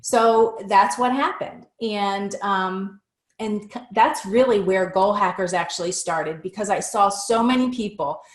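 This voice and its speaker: A woman telling her story as an interview guest, talking in an animated, conversational way and sometimes restarting her sentences. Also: unhurried, reverberant. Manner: animated, acts out past conversations with lively shifts in pitch; fluent with frequent restarts and filler words.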